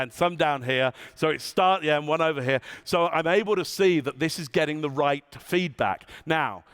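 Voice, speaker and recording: A man's voice: on the high side, fairly bright tone, smooth. A man giving a conference keynote to a live audience, demonstrating and repeating phrases for effect. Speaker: keynote speaker.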